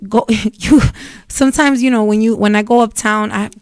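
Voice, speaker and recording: At a moderate pace and with fairly even intonation, a young woman with a slightly high voice rambles bluntly and profanely to her viewers. She's a vlogger from a Dominican family in New York, recorded with clean studio sound and no room echo.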